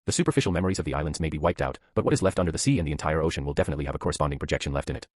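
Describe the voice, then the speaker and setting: A man voicing a calm female spirit medium in a storybook recap, speaking in soft, hypnotic guidance. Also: rumbling low, racing, no room sound, clean studio sound, voice pushed down.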